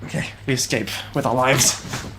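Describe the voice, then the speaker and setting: A young man doing live gameplay commentary from his home gaming setup on a headset mic, theatrical and self-mocking, with loud mock-heroic outbursts. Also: mid-range voice, steady tone, moderate pace, noisy background. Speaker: game streamer.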